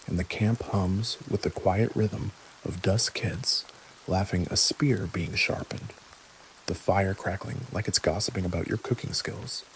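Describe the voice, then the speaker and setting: A man gently telling a scripted bedtime history story in the second person, with dry little jokes. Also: fairly low pitch, slight background noise, rough recording. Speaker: narrator. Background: soft rain.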